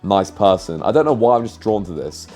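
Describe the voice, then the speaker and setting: A young man reading out and commenting on his dating app chats in a sarcastic, deadpan way, swearing casually. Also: on the low side, a little fast, faint music behind.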